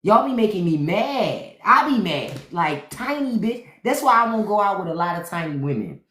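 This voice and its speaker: Swearing freely and animatedly mimicking the people in her tales, a woman with a deep voice tells unfiltered comedic stories on her live-streamed podcast. She talks at normal speed, and the sound is reverberant.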